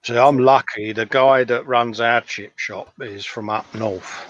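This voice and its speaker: A man's voice: medium pitch, steady tone, unhurried, fairly bright tone, highs cut off. A man co-hosting a casual live chat, joking and laughing as he goes. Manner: jokey, laughs often. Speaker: co-host.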